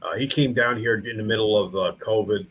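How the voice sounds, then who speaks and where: Rambling, animated middle-aged man. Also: lowish voice, brisk, rough recording. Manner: rambling, animated, frequent restarts and fillers. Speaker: guest, small-town mayor and museum founder. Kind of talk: casual interview storytelling.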